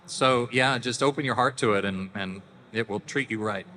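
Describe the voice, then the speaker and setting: A man's voice: medium pitch, normal speed, bright, forceful tone. A middle-aged man from Canada, a panel guest telling stories casually and animatedly to a convention audience, with laughs and acted-out voices. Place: large convention hall. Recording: reverberant hall with faint noise.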